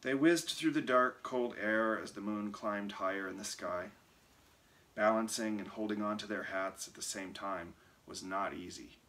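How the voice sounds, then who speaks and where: A man reading a children's picture book aloud, expressive and lively. His voice sits on the low side yet sounds bright and forceful. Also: measured pace. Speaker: reader.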